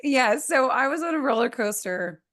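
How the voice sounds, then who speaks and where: A woman co-hosting a podcast in casual chat. Her voice is hoarse and slightly raspy from a lost voice, and she rambles with many fillers and self-corrections. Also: high-pitched, animated, normal speed, fairly bright tone. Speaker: podcast co-host.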